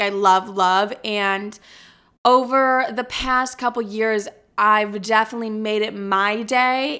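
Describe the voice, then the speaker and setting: A woman's voice: fairly high pitch, sharp tone, clear, resonant tone. Brash, foul-mouthed young woman podcaster. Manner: brash, profane and self-mocking. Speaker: podcast host. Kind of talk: casual solo podcast monologue.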